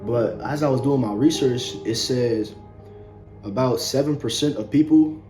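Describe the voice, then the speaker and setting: Young man, casual vlog storytelling, rambling with fillers and repeats, mid pitch, music clearly in the background. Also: measured pace, mellow. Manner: loose, conversational, many fillers and repeats. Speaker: vlogger. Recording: music playing underneath.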